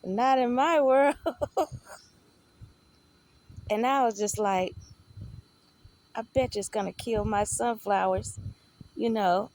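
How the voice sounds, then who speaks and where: Slow-talking woman telling a rambling story. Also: mid-range voice, steady tone, a little mellow, dry recording. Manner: rambling, profane, conversational. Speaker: vlogger. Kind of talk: casual storytelling.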